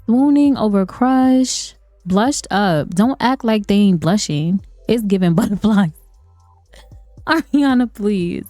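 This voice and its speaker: A woman's voice: medium pitch, expressive, slow pace, pauses often, a little mellow, no room sound. A woman giving chatty let's-play commentary on a life-sim game, laughing often and talking to her viewers. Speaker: gaming video creator. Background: faint game music.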